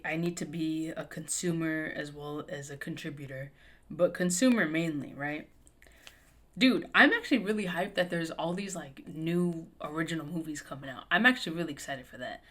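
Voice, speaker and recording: A woman's voice: deep voice, a bit bright. Emphatic, swearing young woman podcaster. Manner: emphatic, swears a lot, many fillers. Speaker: podcast host. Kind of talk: casual chat.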